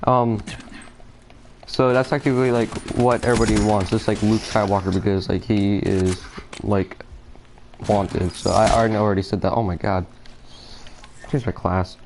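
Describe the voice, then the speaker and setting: A man's voice: lowish voice, fairly even intonation, moderate pace, creaky, long pauses, slight background noise. A man talking through a theory while playing a shooter game, hesitant and distracted, with many fillers and restarts. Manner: distracted, nervous, apologetic. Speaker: gaming video creator.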